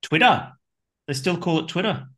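A man's voice: on the high side, expressive, normal speed, pushed and bright. A man in his forties chatting casually as a podcast co-host, telling rambling stories and swearing freely. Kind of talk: casual chat.

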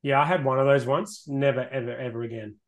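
A man's voice: medium pitch, fast talker. A young man hosting a podcast, chatting casually and teasing his co-host with some swearing. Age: young adult. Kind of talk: casual chat.

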